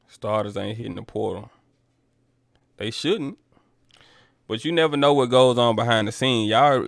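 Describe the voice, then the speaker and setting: A man hosts a relaxed sports chat in a gravelly voice that still carries smooth and resonant. He talks loosely, straight to his viewers, and calls them y'all. The sound is close and dry. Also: medium pitch, no room sound. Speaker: sports talk livestream host. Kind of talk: casual chat reading viewer comments.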